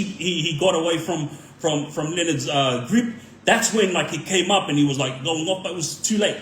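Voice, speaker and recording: A man's voice: a little high, fairly bright tone, reverberant, a little hiss or hum. An Australian man, a former inmate, telling his prison stories casually and rambling with lots of slang and filler words. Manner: rambling, full of "like" and "um", street slang. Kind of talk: casual storytelling.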